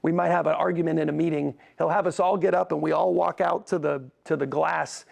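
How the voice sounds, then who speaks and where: A man being interviewed as a racing team's president, telling animated stories with many quick restarts. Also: a little high, vocal fry. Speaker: racing team president, podcast guest. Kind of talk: conversational interview.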